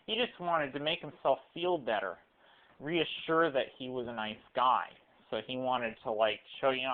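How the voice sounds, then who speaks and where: A young man rambling through a halting personal monologue, recorded on a cell phone camera. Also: medium pitch. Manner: halting, full of restarts and fillers. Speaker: vlogger. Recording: weak tinny cell phone audio.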